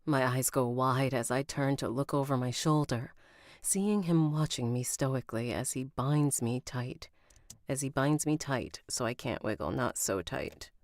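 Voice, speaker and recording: An audiobook narrator records on a live stream, rereading lines and pausing to comment and laugh at herself. Her voice is extremely low and darkish, her pace measured, and the sound is clean studio quality with no echo.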